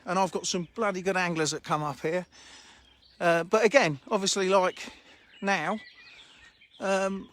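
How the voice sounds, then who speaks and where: His voice sits high and stays steady, slightly bright and unhurried. It's a fishery owner doing an informal live stream, phone in hand as he circles his lake; he's talkative, laughs easily and speaks bluntly, and faint birds can be heard outside.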